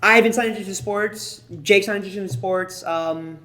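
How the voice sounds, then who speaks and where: A man's voice: sits high, moderate pace, fairly bright tone. A young man co-hosting a casual podcast chat, rambling with lots of fillers. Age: young adult. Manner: chatty, rambling with many fillers. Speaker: podcast co-host.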